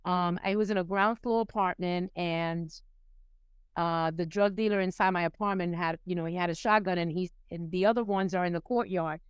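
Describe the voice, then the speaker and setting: A woman's voice: lowish voice, fairly even intonation, normal speed, clear, resonant tone, no echo. A woman from New York City, a podcast guest, candidly telling a personal recovery story with many restarts and repeated words. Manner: candid, emotional storytelling with frequent restarts and repetitions.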